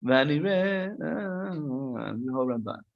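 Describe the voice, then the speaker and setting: A man's voice: a little high, animated, fairly quick, creaky, lo-fi sound. A man teaching a casual text-study class, reading Hebrew passages aloud and explaining them conversationally. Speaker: Torah teacher.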